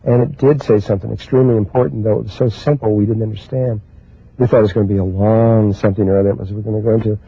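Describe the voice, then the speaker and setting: A man speaks at a middle pitch with a husky, breathy edge, giving a spiritual talk. He moves slowly and haltingly through his thoughts. The sound is dry and thin, like it came down a phone line. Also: fairly even intonation, mellow, dry recording. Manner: slow, halting, with many pauses and restarts. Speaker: spiritual teacher.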